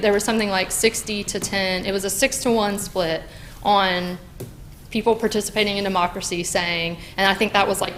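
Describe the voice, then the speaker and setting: A woman's voice: medium pitch, fairly bright tone, slight background noise. Impassioned woman speaking at a podium. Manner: heated, many fillers and restarts, addresses council directly. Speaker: public commenter at a city council meeting. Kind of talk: impassioned public comment. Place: council chamber.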